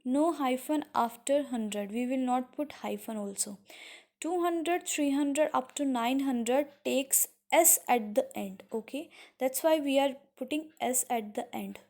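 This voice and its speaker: Slow Indian woman teaching French numbers. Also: high-pitched, darkish tone. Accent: Indian English. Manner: slow, repetitive teaching with frequent uh fillers. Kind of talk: classroom lesson.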